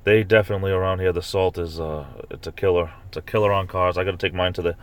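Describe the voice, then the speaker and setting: Man, live streamer, low-pitched, chatty and rambling, playful mock outrage. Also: fairly even intonation, fast, a little hiss or hum. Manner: rambling, chatty, with repeated fillers and restarts; bursts into high-pitched mock outrage when ranting. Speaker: live stream host reading chat. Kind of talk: casual live stream chat.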